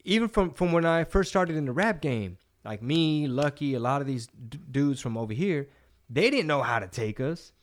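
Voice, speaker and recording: A man, co-hosting a podcast in casual chat, profane and animated, full of slang. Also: a little high, moderate pace. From Texas. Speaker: podcast co-host.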